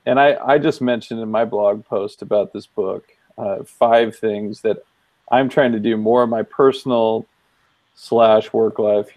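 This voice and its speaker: A man co-hosting a casual chat, relaxed and measured, with many ums, wearing headphones. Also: medium pitch, dry recording. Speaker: co-host.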